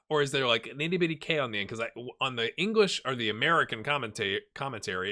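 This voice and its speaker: Lively, bright-voiced man musing over game stats. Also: mid-range voice, a little fast. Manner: chatty, thinks aloud, reacts with surprise. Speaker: gaming YouTuber. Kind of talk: casual video game commentary.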